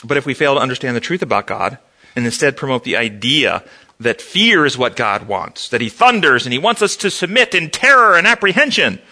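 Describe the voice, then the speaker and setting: A man's voice: medium pitch, brisk. A man teaching an interactive Bible study, asking the class questions and answering them himself. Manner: animated, asks the class questions.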